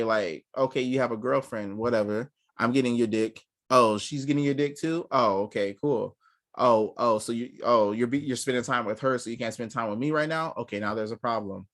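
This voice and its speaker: A man's voice: medium pitch, fairly quick, fairly bright tone. Blunt, profane young man telling stories. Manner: blunt, profane storytelling with acted-out quotes. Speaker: podcast co-host. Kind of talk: casual chat.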